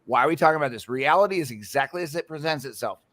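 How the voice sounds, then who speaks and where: A man's voice: on the high side, lively intonation, racing, fairly bright tone. A man ranting in casual podcast chat, profane and heated, often repeating and restarting his words. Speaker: podcast co-host.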